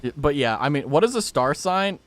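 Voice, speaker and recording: A man's voice: fairly high pitch, expressive, a little fast, no echo. A young man streaming a game, chatting casually with viewers in a jokey, rambling way and reacting aloud to what happens on screen. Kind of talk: casual gaming stream chat.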